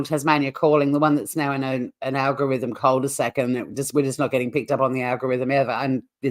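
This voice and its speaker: An Australian woman hosting a casual livestream, chatting to viewers in a rambling way with frequent laughs. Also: rumbling low. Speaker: livestream host.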